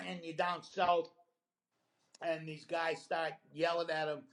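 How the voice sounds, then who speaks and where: In a radio studio, a middle-aged male comedian appears as a guest for a casual storytelling interview. His voice is high, gravelly and a bit bright, with a steady tone and slightly slow pace, as he spins a rambling road story full of fillers and laughs.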